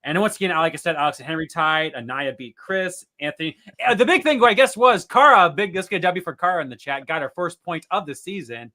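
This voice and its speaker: A man hosting a casual podcast recap over a video call, talking in an animated way with lots of fillers and restarts. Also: on the high side, fairly quick, few pauses. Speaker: podcast host.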